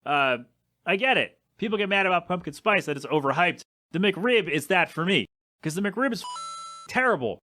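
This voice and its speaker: A man's voice: high-pitched, fairly quick, pushed and bright, dry recording, clean studio sound. A young adult man hosting a casual solo podcast, rambling and complaining in an exasperated way with some swearing. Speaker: podcast host.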